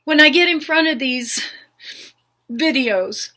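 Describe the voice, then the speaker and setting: A woman's voice: sits high, slow, bright, forceful tone. An older woman speaking an unscripted, heartfelt monologue as a spiritual healer, earnest and pleading, with repeated questions. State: emotional.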